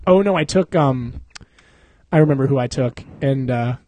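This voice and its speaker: A man's voice: medium pitch, normal speed, warm tone. A young man co-hosting a podcast in casual chat, rambling, slangy and laughing often. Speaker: podcast co-host.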